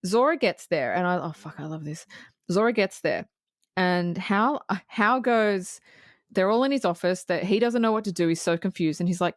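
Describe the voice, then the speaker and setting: A woman's voice: on the low side, lively intonation, moderate pace, no echo, studio quality. Laughing woman retelling movie scenes. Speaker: podcast co-host. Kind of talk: casual movie review chat.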